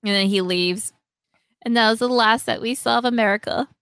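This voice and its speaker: A woman's voice: a little high, fairly quick, a bit bright, clean tone, no room sound. A woman in casual chat as a podcast co-host, animatedly retelling a story and acting out the lines people say.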